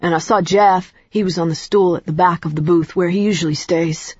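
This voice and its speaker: A woman reading the lines of a sullen, touchy male club dancer of thirty, with a husky, low voice and curt delivery. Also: fairly even intonation, fairly quick, a little mellow, no room sound, dull audio.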